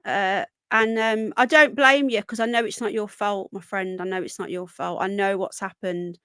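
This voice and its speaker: A woman's voice: medium pitch, fairly even intonation, moderate pace, sharp tone, smooth, dry recording, clean studio sound. A British woman hosting a live stream, chatting casually and rambling as she reads viewers' comments. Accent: British English. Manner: chatty, rambling, talks to chat viewers by name. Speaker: livestream host.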